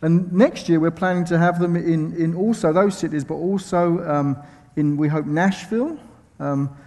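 At normal speed, a man whose voice sits on the high side and has a darkish tone delivers a sermon in a large hall, the church sanctuary. He is a guest speaker with a London accent, chatty and self-deprecating, peppering his talk with ums and restarts.

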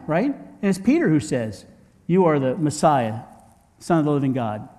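A man's voice: fairly high pitch, sing-song, moderate pace, mellow, big-room sound. A man preaching a sermon in a conversational way, asking the congregation rhetorical questions and often repeating words as he restarts. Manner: frequent word repeats and restarts. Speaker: pastor.

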